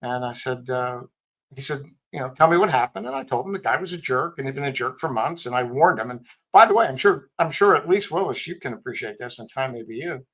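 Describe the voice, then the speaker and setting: A man's voice: mid-range voice, lively intonation, fairly quick, a bit bright, breathy edge, low-quality recording. Blunt, storytelling middle-aged man. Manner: candid, blunt, wry storyteller. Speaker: guest, tech company CEO and Marine veteran. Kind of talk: casual storytelling in a podcast interview.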